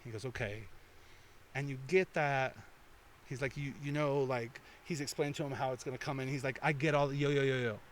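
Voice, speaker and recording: A man's voice: mid-range voice, fairly even intonation, a little fast, a little hiss or hum. A man telling long, profane anecdotes as a podcast guest, slipping into quoted voices. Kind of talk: casual podcast storytelling. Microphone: headphones and studio mic.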